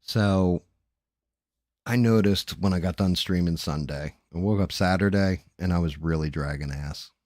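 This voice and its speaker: A man's voice: low voice, unhurried, darkish tone, no room sound, clean studio sound. A middle-aged man, a streamer, talking candidly and rambling in casual chat, with some cursing.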